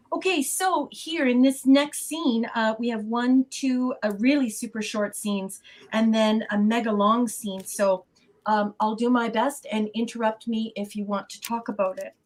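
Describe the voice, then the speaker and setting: A woman with a somewhat high voice talks on a casual podcast panel. She is effusive and gushing, and she reads listener comments aloud with warm praise.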